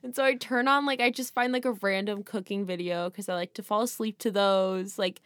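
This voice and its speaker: A woman's voice: mid-range voice, steady tone, a little fast, dry recording, clean studio sound. A woman co-hosting a casual podcast, chatting with lots of laughter and filler words, talking straight to her listeners. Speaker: podcast co-host. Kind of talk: casual chat.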